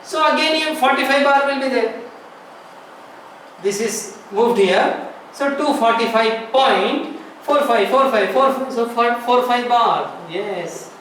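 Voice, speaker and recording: A man's voice: very high voice, takes it slowly, fairly bright tone. A man teaching a classroom math lesson, explaining step by step, repeating phrases and asking rhetorical questions. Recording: echoey room, far from the mic, faint noise.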